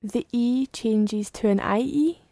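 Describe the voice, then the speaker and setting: A woman's voice: a little high, slow, creaky, warm tone, dry recording, studio quality. A woman answering carefully as a student in a language lesson.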